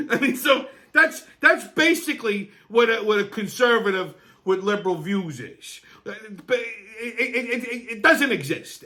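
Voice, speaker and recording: Hosting a weekly wrap-up show, this high-voiced man delivers loud, crude, angry rants, frequently yelling. The clip mixes profane ranting with casual show segments.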